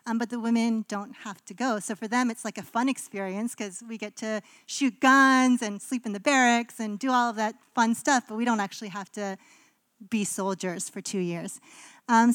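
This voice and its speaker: A woman's voice: fairly high pitch, no echo. A woman pastor from Canada giving a conversational sermon in a casual, chatty way, with frequent ums and likes.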